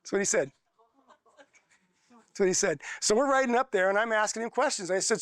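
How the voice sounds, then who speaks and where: Middle-aged male teacher, folksy storyteller, high pitched, dry close sound. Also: a little fast, fairly bright tone, dry recording. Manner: folksy, chatty, tells stories with quoted dialogue. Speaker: church teacher leading a training class. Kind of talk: storytelling class talk.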